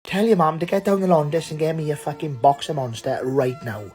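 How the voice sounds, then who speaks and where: A man's voice: a little high, fairly even intonation, a little fast, a little mellow, slightly rough. A South Welsh man delivering a profane, exasperated comic monologue to camera, ranting and swearing freely. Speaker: comedy TikTok creator.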